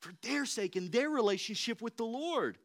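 A man's voice: very high voice, expressive, moderate pace, vocal fry, a bit bright. A young adult man preaching a sermon in a conversational, emphatic and direct way, as the church's pastor.

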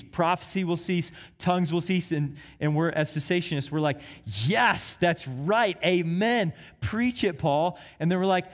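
A man preaching a sermon, swinging between emphatic rises and hushed, quiet drops. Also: medium pitch.

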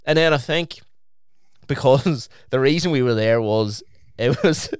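Smooth-voiced man telling stories. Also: medium pitch, measured pace, no room sound, clean studio sound. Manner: swearing, lively anecdote-telling, laughs mid-story. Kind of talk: casual chat.

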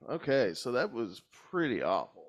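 A man's voice: medium pitch, sing-song, normal speed. Bemused, rambling male podcast co-host. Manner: bemused and rambling, with frequent "like" and laughs. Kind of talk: casual chat.

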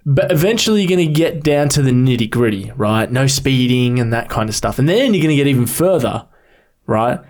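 A man in crude casual banter on a podcast, profane and animated, riffing on jokes. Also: mid-range voice, a little fast.

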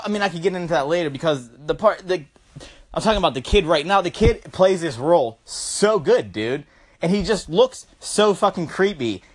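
A casual vlogger rambling through a movie review, heavy on swearing and filler. The delivery is loose and animated, with lively swings in pitch.

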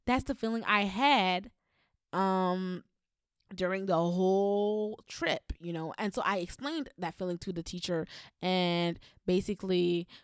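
A woman's voice: lowish voice, a little slow, clear, resonant tone, dry recording, studio quality. A woman vlogger telling a personal story in a blunt, heated manner, swearing constantly. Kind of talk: storytelling monologue.

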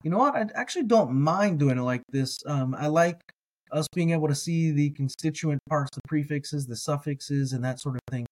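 A man teaching a reading lesson, patiently repeating each word slowly for listeners to echo. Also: on the high side. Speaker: language teacher.

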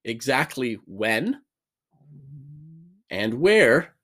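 A man's voice: mid-range voice, very animated, drawn-out words, fairly bright tone. Rambling, joking man in his bedroom. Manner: rambling, profane, self-mocking jokes. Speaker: vlogger. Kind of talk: casual rambling monologue.

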